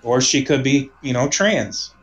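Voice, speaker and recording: A man from Omaha telling a personal story in casual conversation, rambling, restarting sentences and trailing off softly. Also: mid-range voice, animated, measured pace, low-quality recording.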